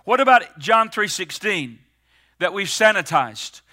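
A middle-aged man preaching a sermon as pastor, stressing words with slowed, emphatic pauses. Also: high-pitched, sing-song, sharp tone.

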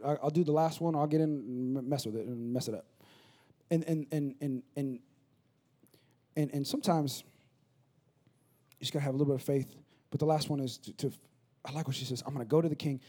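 A man in his thirties, a pastor, preaching a sermon in a conversational way that builds into rapid, repetitive crescendos. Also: a little high, mellow, husky.

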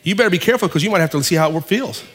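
High-voiced pastor preaching in a hall. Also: male voice, expressive, slightly rough. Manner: preaching with dramatic pauses and swings from loud to hushed. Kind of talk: sermon.

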